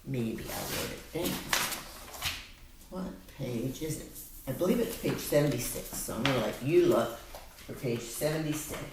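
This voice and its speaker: A tutor with a very deep voice leads a patient one-on-one reading lesson, coaxing her student and slowing down to model words. She's seated away from the mic in an echoey room, with a faint hiss underneath.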